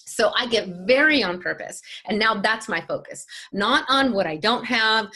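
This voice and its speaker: A woman's voice: a little high, lively intonation, moderate pace, hardly any pauses, sharp tone. A woman life coach talking in an interview, emphatic and motivational, often acting out quoted voices.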